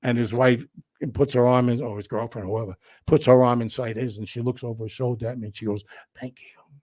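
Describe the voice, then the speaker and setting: An older man, a guest telling stories in a casual interview, animated and profane, acting out what people said. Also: medium pitch, fast talker. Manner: animated, profane storyteller who acts out quotes.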